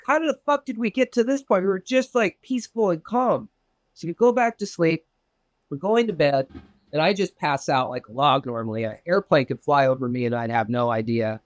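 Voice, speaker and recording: In a dry recording, a Southern California man being interviewed tells a casual personal story about a UFO experience. He swears freely and stays animated, playing out the quoted exchanges and jumping sharply in pitch to voice the other people involved.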